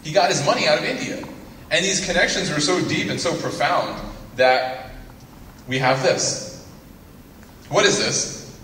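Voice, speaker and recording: A man's voice: on the high side, expressive, a little slow, long pauses, fairly bright tone. A young man giving a guest lecture to students, full of teasing asides and jokes. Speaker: guest speaker. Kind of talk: joking lecture to a student audience. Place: lecture hall. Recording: echoey hall from far off, faint noise.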